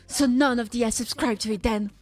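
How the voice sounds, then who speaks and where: A woman's voice: on the high side, brisk, soft background music, natural voice. A woman doing a hyper archaic-speaking girl knight. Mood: excited. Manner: theatrical old-fashioned phrasing, excitable.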